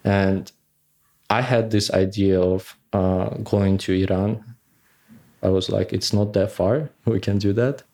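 A man recalling his past in a halting, conversational interview, full of fillers. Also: fairly low pitch, fairly even intonation, a little mellow. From Nagorno-Karabakh. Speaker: interviewee recounting his war experience.

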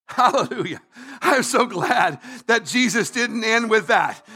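Pastor guy preaching, really high bright voice, super slow and punchy, repeats himself and shouts. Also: animated, husky. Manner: emphatic preaching with repeated phrases and rising shouts. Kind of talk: sermon.

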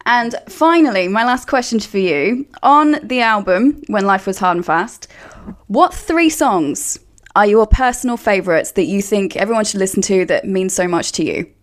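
A woman's voice: medium pitch, lively intonation, moderate pace. Playful woman interviewer. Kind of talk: casual interview questions.

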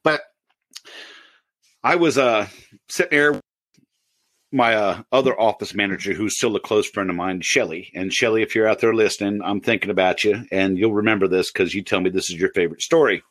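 A man co-hosting a podcast, chatting casually, laughing often and throwing in quick joking asides. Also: on the low side, fairly bright tone, dry recording. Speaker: podcast co-host.

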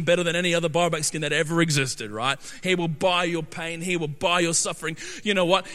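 Male preacher, high and sharp, emphatic, builds to shouts, recorded with long hall reverb. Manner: emphatic, repeats rhetorical "right?", builds to shouting. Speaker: pastor. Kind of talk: sermon.

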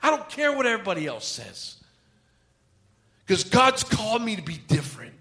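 A preacher voicing a resolute young Joseph. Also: male voice, high-pitched, huge pitch swings, normal speed, sharp tone, voice pushed up, full character voice. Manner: firm, declarative. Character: resolute young male Joseph refusing to conform.

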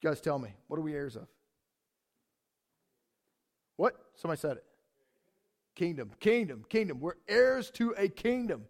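A man preaching a sermon in a conversational, animated way, asking the congregation questions. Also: on the high side, brisk. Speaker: pastor.

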